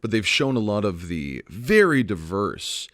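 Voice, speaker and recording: A man's voice: fairly low pitch, big pitch swings, measured pace, a bit bright, dry recording, clean studio sound. A man hosting a podcast interview, encouraging his guest with frequent short affirmations. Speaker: podcast host. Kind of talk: casual interview chat.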